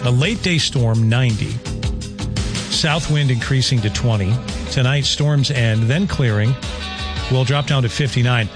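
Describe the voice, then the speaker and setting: A man's voice: mid-range voice, a little slow, over music. A man hosting a morning radio show, chatting casually and rambling through the weather. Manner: folksy, rambling, chuckling asides. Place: radio studio. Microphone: studio microphone.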